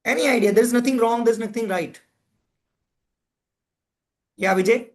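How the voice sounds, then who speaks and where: Leading an interactive workshop at a club education session, a man with a very high-pitched voice takes his time. He chats with the audience and asks them questions.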